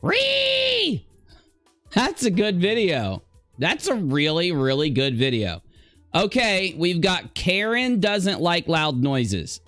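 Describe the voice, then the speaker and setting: A man live-streaming reactions to clips, excitable and quick to exclaim and laugh. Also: on the high side, dry recording, faint music behind. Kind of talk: casual reaction commentary.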